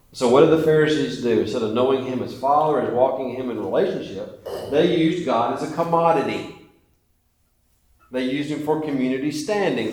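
A man preaches a sermon in an emphatic way, his voice rising and falling. His voice has a middling pitch. The sound carries the echo of a large church room. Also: a little mellow. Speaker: pastor. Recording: echoey church hall.

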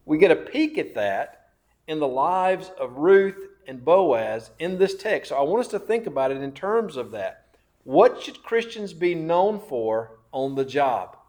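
A man preaching a sermon, slow and emphatic, repeating phrases and asking questions of his listeners. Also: a little high, very animated, a little mellow. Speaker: pastor.

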